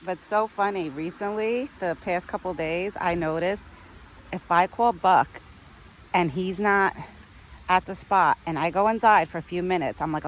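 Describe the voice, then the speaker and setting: A woman chatting casually to camera outdoors while feeding a pet deer, cooing to it in soft baby talk. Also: lowish voice, a little slow. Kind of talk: casual outdoor vlog chat. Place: outdoors in a windy yard. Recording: faint wind and outdoor noise.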